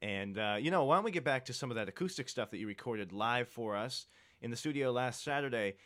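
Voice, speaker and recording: A man's voice: mid-range voice, lively intonation, fairly quick, a bit bright. A man hosting a radio interview, moving the talk along and reading upcoming show details. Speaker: radio host.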